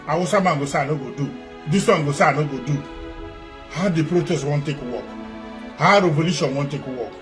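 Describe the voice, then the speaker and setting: A man with a Nigerian Pidgin accent, a church activist, making an impassioned appeal with emphatic, repeated rhetorical questions. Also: a little high. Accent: Nigerian Pidgin English.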